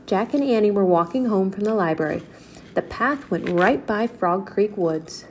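A woman reads a children's chapter book aloud in a steady, clear voice. Her pitch sits in a comfortable middle range. A faint hiss stays in the background. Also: moderate pace. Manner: steady, clear storybook narration. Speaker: storyteller.

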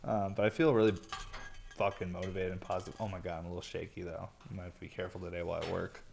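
Tired and yawning, a man vlogs from an indoor workshop or studio in a loose monologue, talking very fast and swearing a lot. His slightly low voice is creaky, level and darkish, with a faint hiss in the background.

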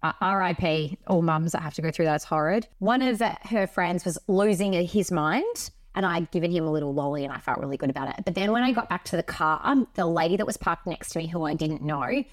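Lively Australian woman telling stories. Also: lowish voice, fairly quick, few pauses, no room sound, studio quality. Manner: animated storyteller, acts out quotes. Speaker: podcast co-host. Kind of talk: casual chat.

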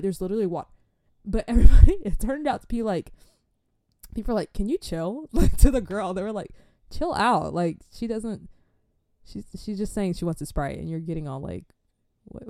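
A young woman talks straight to camera in an animated, slangy way, acting out the voices of the people she quotes. Her voice is mellow and warm. The sound is close and dry, with no room echo. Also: medium pitch. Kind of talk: casual storytime and faith talk.

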